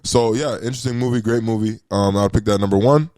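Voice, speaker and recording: Male podcast co-host, halting and self-correcting, dark tone, dry close mic. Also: lowish voice, fairly even intonation, dry recording. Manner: hesitant, many ums and self-corrections. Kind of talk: casual movie discussion.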